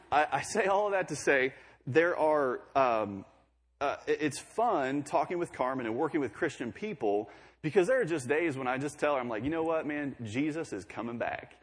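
A man's voice: on the high side, animated, moderate pace, slightly rough. A young man preaching a sermon in a conversational way, with joking asides between scripture readings.

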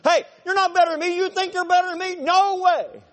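A man preacher putting on the voice of a resentful churchgoer, shrill and whining in mockery. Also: fairly even intonation, brisk, a bit bright. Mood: indignant whine. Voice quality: shrill, mocking.

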